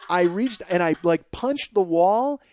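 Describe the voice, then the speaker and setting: A man in his forties telling a comic story alone as a podcast host, animated and self-mocking, with plenty of swearing, going from loud outbursts to low mutters. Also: measured pace, a little hiss or hum. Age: 40s. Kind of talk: solo comedic storytelling.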